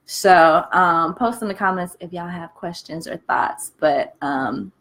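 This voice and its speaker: A young American woman vlogging casually, telling her story in a candid, profane, animated way while eating between sentences. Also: fairly low pitch, a little slow. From United States. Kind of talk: casual vlog chat.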